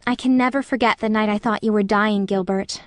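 A woman's voice: medium pitch, fairly even intonation, fairly quick, dry recording, clean studio sound, lightly acted. A woman voicing an eager, imaginative young woman in love in an audiobook reading. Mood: emotional.

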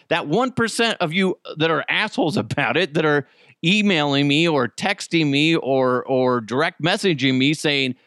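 A man's voice: moderate pace, dry recording, studio quality. Heated, profane man ranting on a show. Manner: profane, heated, swings between loud outbursts and low asides. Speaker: show host. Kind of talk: opinionated solo commentary.

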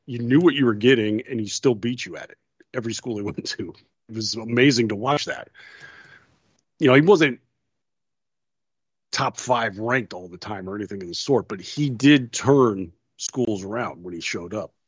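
A man co-hosting a casual talk show, telling lively anecdotes and acting out quotes. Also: fairly low pitch, moderate pace, slightly rough, no echo, dull audio. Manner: animated storyteller, acts out quotes. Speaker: podcast co-host. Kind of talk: casual chat.

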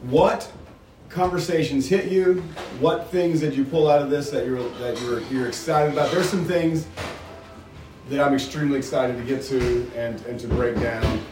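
A man's voice: mid-range voice, normal speed, darkish tone, faint music behind. A man leading a group book discussion and reading passages aloud, inviting and thoughtful. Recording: roomy, distant mic.

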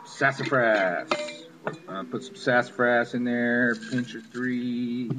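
A man's voice: medium pitch, slow pace, loud music behind the voice, poor audio. A man casually talking through a money spell he performs on camera, offhand and wry, swearing now and then. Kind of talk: casual talk-through of a ritual. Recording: steady background noise.

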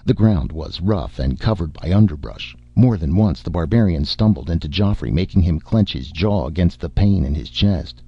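A man reading a story aloud in measured, expressive narration, in a dull lo-fi recording. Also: sits low, gravelly, breathy edge, no echo. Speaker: audiobook narrator. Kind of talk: scripted narration.

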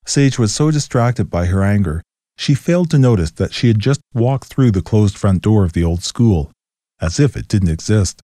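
A man reads a ghost story in a steady, measured way. His voice sits low with a mellow, dark tone. The recording is dry and close. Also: dry recording. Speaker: narrator. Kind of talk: scripted story narration.

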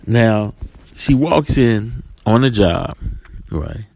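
A man's voice: on the low side, expressive, extremely slow, creaky, a little mellow, dry recording. A man talking casually to camera, making points with rhetorical "right?" and acting out little scenes, with some fillers and repeated words. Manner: storytelling, playing out dialogue in different voices. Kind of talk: casual monologue with acted-out scenes.

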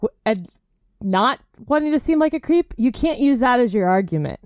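A woman's voice: on the high side, lively intonation, normal speed, dry recording. Blunt young woman, dry close voice. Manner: blunt, swears casually. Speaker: podcast co-host. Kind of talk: casual chat.

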